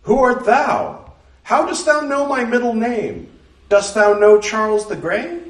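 A woman's voice: a little high, measured pace, pitched above the performer's own voice, lightly acted. A man reading a story voices a blunt young woman who speaks in old-fashioned thee-and-thou English. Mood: curt, urgent. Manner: archaic thee-and-thou speech, curt. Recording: roomy, distant mic.

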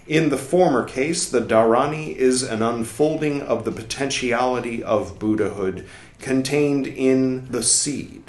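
A man reading a text aloud slowly and deliberately, saying "quote" and "end quote" and pausing now and then to comment. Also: mid-range voice. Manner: pauses to comment on the text with small asides. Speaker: reader of a text on Buddhist mantras. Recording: roomy echo, faint music behind.

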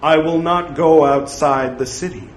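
A man's voice: fairly high pitch, fairly even intonation, a little slow, a little hiss or hum, close to an everyday voice. A man voicing a wary, well-off courtesan who guardedly refuses and then gives in. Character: proud, wealthy, wary courtesan woman. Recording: roomy echo, faint ambience.

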